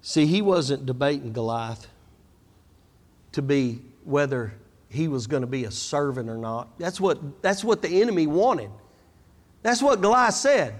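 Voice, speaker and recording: A man's voice: fairly high pitch, lively intonation, measured pace. A man preaching a sermon, telling stories with animation and drawing out his emphatic declarations. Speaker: guest preacher. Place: church sanctuary. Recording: church hall reverb.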